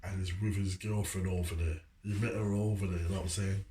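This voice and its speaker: A man's voice: deep voice, fairly even intonation, a little fast, dark tone, echoey room. A man talking earnestly to camera about a personal story, often asking "you know what I'm saying". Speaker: motivational video maker. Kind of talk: heartfelt personal talk to camera.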